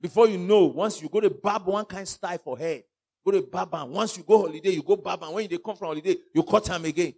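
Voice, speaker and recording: A Nigerian man preaching a fiery sermon with a high-pitched voice. A gravelly rasp runs under his words. He mixes in pidgin and swings between loud outbursts and hushed warnings. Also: fast.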